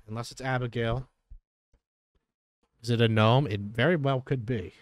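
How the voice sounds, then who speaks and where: A man giving casual gameplay commentary as a streamer, chatty and quick to exclaim, breaking off to talk to his dogs. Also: mid-range voice, steady tone, no room sound, studio quality. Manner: chatty, exclaims often, talks to his dogs between game remarks. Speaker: gaming streamer.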